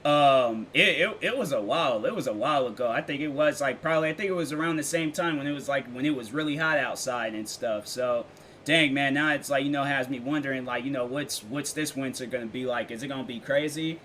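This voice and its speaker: A young man talks loosely to his viewers from his bedroom, drifting between thoughts with plenty of slang and filler words. His voice sits at an ordinary middle pitch. A faint hum of fans runs behind him. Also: brisk, fairly bright tone. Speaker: vlogger and streamer. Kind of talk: casual rambling monologue. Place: warm bedroom with fans running. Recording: faint fan noise behind.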